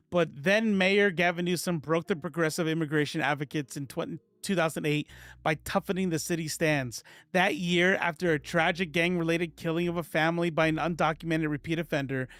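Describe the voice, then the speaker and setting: A man's voice: a little high, a bit bright, dry recording. A man doing casual live-stream political commentary, sarcastic and rambling, reading viewers' comments aloud as he goes.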